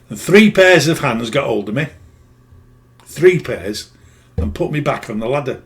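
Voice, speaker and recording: A man's voice: medium pitch, expressive, unhurried, fairly bright tone. Plain-spoken man telling a story. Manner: rambling, plain-spoken, self-correcting. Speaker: spiritual healer. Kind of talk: casual storytelling monologue.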